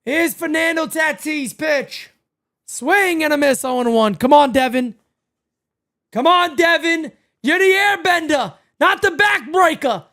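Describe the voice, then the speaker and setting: A man hosting a live baseball watch-party stream, giving excitable, profane play-by-play and often shouting. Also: extremely high pitch, measured pace.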